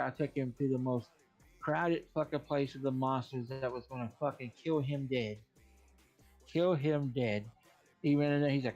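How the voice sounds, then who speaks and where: A man's voice: medium pitch, moderate pace, a little mellow, highs cut off, faint music behind. A man in casual chat with a fellow streamer, laid-back, laughing along and swearing.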